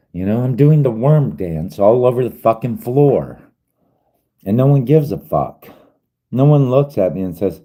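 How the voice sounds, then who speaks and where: A man's voice: fairly low pitch, warm tone, slightly rough, low-quality recording. A man rambling through a live-stream monologue, sighing often, swearing heavily and sounding bewildered and aggrieved. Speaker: livestreamer.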